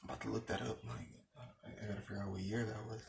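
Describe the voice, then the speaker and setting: Gravelly low-voiced young man. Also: little pitch movement, fast talker, a little mellow, a little hiss or hum. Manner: rambling, profane, repeats himself. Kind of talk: casual storytelling.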